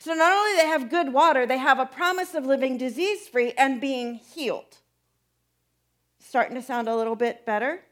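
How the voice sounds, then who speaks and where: A woman's voice: sits high, normal speed. A woman preacher giving a conversational sermon, asking her listeners many questions.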